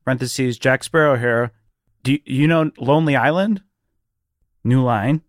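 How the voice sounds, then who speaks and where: A man's voice: medium pitch, normal speed, no echo, studio quality. A man co-hosting a comedy podcast, goofy, reading aloud what he types. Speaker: podcast co-host. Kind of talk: comedic banter.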